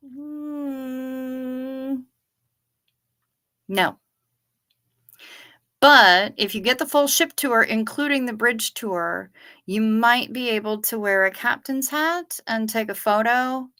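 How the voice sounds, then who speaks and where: Woman livestream host, chatty and bright, answers viewer comments as they come in. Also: a little high, takes it slowly, long pauses, smooth. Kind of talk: casual chat reading viewer comments.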